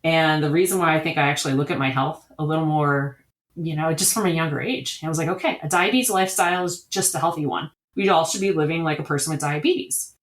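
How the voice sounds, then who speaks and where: Woman, lowish voice, eager, chatty storyteller, echoey room. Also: fast. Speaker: diabetes camp director, guest. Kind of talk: conversational interview.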